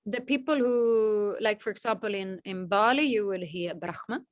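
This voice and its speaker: A woman leading an online class over a video call, talking slowly with many fillers and restarts. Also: medium pitch, no echo. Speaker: class organizer. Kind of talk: casual online class talk.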